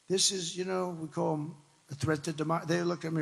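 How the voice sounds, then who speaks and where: Older man from new york, rally speech, gravelly and sharp tone, rambling, repetitive, big hall reverb. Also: sits high, steady tone, normal speed. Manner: repetitive, emphatic, rambling and conversational. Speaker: political speaker. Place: large hall before a crowd.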